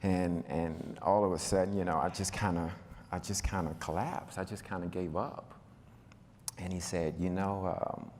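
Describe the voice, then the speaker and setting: A man on a panel telling a personal story, talking in a relaxed, conversational way with a lot of fillers. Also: low voice, normal speed, slight background noise. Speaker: panel speaker. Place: event hall. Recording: reverberant hall.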